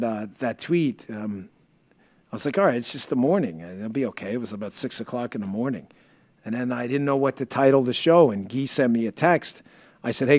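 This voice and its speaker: A man hosting his own live-stream show, reading an ad and telling stories in an animated, emotional way while sniffling. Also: mid-range voice, dry recording. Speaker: podcast host. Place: studio.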